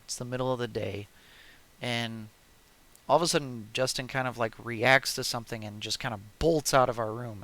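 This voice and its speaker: A young man hosting a podcast, chatting casually in halting talk with many fillers. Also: medium pitch, a bit bright. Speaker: podcast host. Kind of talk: casual chat.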